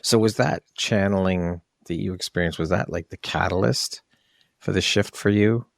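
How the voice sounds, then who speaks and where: A woman's voice: a bass voice, normal speed, gravelly, no room sound, studio quality. A woman hosting a podcast, asking questions and encouraging her guest. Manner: encouraging, affirming interviewer. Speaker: podcast host. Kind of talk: interview conversation.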